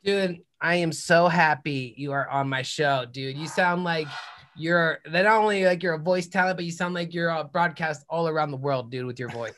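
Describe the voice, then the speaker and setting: A man with a high-pitched voice hosts his own podcast in a loud, hyped-up style. He fires off whooping catchphrases while plugging his show between guest questions. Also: normal speed, slight background noise. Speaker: podcast host. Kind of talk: hyped podcast intro and self-promotion.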